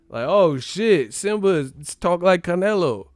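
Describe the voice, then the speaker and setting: A man's voice: high-pitched, expressive, slow pace, dry recording, studio quality. A man hosting a livestream, rambling in casual chat, swearing and laughing often. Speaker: livestream host.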